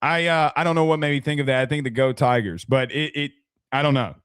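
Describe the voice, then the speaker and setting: A man's voice: medium pitch, fast, fairly bright tone, clear, resonant tone, no echo, clean studio sound. A young man hosting a casual sports talk stream, chatty, thanking viewers and often restarting his sentences. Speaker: sports podcast host.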